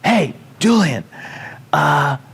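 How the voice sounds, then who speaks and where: Man doing a Hawaiian boss: high, brisk, clipped, encouraging. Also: big pitch swings, gravelly, a bit bright, breathy edge, full character voice. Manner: short clipped commands.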